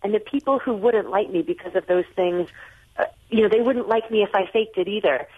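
An American author in her forties, a guest on a radio call-in show, speaks in a brisk, husky, mid-range voice, chatty and prone to restarting her sentences. She comes through a tinny phone line.

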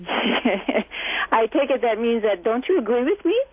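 A woman calls in to a radio show on a tinny phone line. She is chatty and laughs easily. Her voice sits fairly high. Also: big pitch swings, unhurried, dry recording. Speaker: caller. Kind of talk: call-in chat. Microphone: telephone.

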